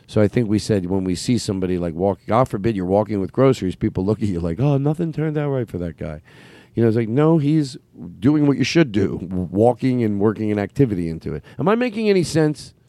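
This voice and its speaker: A man hosts a loose podcast chat, wandering off topic and restarting his sentences. His pitch swings up and down a lot as he talks. The recording is dry and close, with no room sound. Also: very animated, fast talker, few pauses, warm tone, no echo. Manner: meandering, self-interrupting, full of fillers and restarts. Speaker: comedian podcast host. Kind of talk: casual rambling chat.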